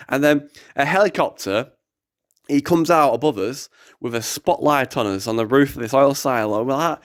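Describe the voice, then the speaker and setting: A young man tells a story in an excitable, rambling way, full of fillers and asides. His voice is smooth and resonant, sitting at an everyday middle pitch. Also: normal speed, no room sound, clean studio sound. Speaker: activist podcast host. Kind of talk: casual storytelling.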